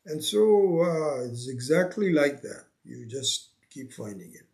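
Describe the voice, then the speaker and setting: A man teaching a spiritual scripture class, unhurried, repeating his phrases and acting out the seekers he quotes. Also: a little high, lively intonation, vocal fry, a little mellow. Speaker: Vedanta teacher.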